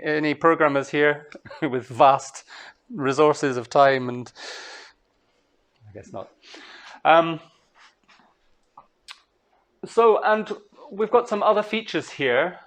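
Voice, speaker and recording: Male lecturer from Scotland, fairly high voice, unhurried classroom delivery. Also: a bit bright. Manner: unhurried, explains step by step, recites lines slowly. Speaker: lecturer leading a master class. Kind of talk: classroom lecture with recited verse.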